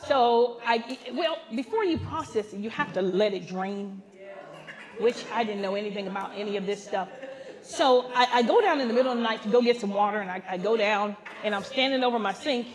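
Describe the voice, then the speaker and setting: An older woman pastor telling a comic story at a women's gathering, animated and laughing, acting out the voices of the people in it. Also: mid-range voice, a little fast. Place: live gathering.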